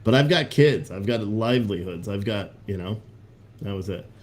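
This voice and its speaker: A man's voice: on the low side, animated, normal speed. A man hosting a casual livestream, rambling bluntly with profanity and restarts while reading out chat comments. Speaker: livestream host.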